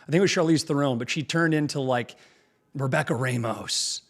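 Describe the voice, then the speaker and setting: A young man hosting a political commentary show, combative and mocking, pausing to mimic clips he plays. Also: medium pitch, creaky, fairly bright tone.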